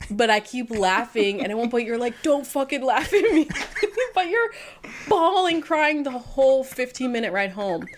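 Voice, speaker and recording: A woman's voice: a little high, a little hiss or hum. A woman co-hosting a podcast, telling a story in casual chat and laughing often as she goes. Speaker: podcast co-host.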